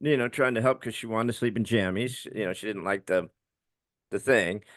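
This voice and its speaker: A man's voice: lowish voice, brisk, no echo, clean studio sound. A man co-hosting a podcast, telling a raw, emotional personal story and swearing as he relives it. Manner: raw, swearing, quotes himself shouting. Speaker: podcast co-host.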